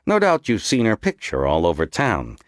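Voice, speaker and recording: A man voicing an irritable, gruff male police lieutenant who talks bluntly and impatiently. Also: on the low side, wildly swooping pitch, normal speed, dry recording, clean studio sound, voice pushed up. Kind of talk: audiobook character voice.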